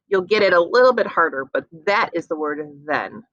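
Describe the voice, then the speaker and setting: A woman teacher giving an encouraging phonics lesson to young children, slowly stretching out sounds. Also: lowish voice, animated, a bit bright, no room sound, dull audio.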